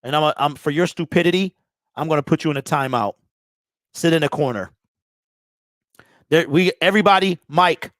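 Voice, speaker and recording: A man's voice: a little high, lively intonation, normal speed, long pauses, a bit bright, no echo, clean studio sound. A man hosting a postgame fan call-in show, ranting in a heated, exasperated way and repeating himself.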